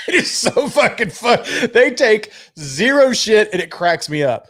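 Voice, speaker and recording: A man's voice: high voice, takes it slowly. A man co-hosting a podcast in casual chat, telling stories with a lot of swearing and laughter. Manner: animated, laughing, profane storyteller. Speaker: podcast co-host.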